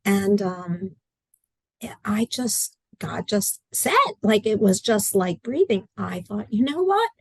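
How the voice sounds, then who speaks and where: A woman's voice: medium pitch, takes it slowly, a little mellow, breathy edge, no echo. A middle-aged woman talking casually as an interview guest on a video call from home, earnest and chatty, acting out her own quotes. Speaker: guest, adaptive curriculum writer. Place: at home in a study.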